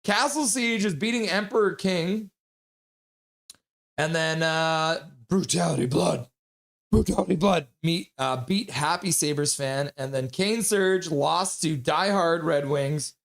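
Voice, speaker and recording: A man's voice: fairly high pitch, slow, creaky, fairly bright tone. Chatty man streaming hockey chat. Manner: chatty, reads chat messages aloud and laughs often. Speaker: streamer hosting a hockey watch-along. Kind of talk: casual live-stream chat reading viewer comments.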